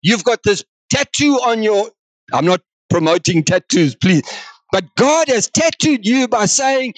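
A man with a South African accent preaching a sermon in an animated way, acting out God's words. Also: sits high, normal speed, dry recording. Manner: animated, acts out God's words, mixes in other languages.

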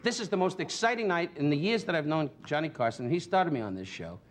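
A man's voice: a little high, lively intonation, fast. A man doing brash, teasing stand-up banter as a guest on a talk show. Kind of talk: roast-style stand-up banter. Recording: noisy 1970s TV broadcast with studio audience. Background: studio audience laughter.

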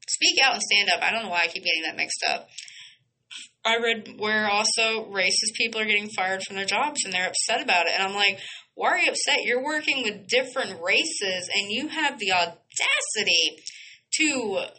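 On a low-quality recording, a woman hosting a podcast speaks at a moderate pace with a medium-pitched, pushed, bright voice and lively intonation. Her impassioned, blunt monologue is full of swearing, with phrases restarted and corrected mid-sentence.

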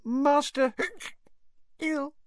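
A man's voice: very high-pitched, drawn-out words, no echo, clean studio sound, voice pushed up, full character voice. A man voicing a drunk, grieving female house elf who slurs, hiccups and whimpers.

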